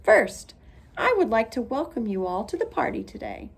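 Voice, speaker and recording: A woman's voice: a little high, big pitch swings, moderate pace, gravelly, slightly rough, full character voice. Woman doing a stiff formal rich dad. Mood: announcing.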